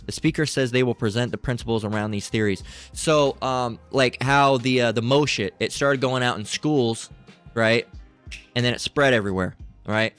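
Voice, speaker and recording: A middle-aged man rants crudely and profanely, rambling and reading passages aloud between asides. His voice sits in a plain middle pitch, with faint music behind him. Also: a bit bright, smooth. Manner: crude, profane, rambling, frequent fillers and "right?". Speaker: channel host. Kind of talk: ranting commentary, reading aloud.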